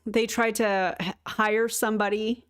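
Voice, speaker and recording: A woman hosting a reaction commentary, talking back to clips in a sarcastic, joking way with quick asides. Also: medium pitch, flat delivery, clean tone. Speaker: commentary host.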